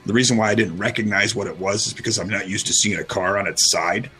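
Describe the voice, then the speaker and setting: On his radio talk show, a middle-aged host animatedly tells a casual story, performing each quote as he goes. He speaks fast in a fairly low pitch, and the recording quality is poor.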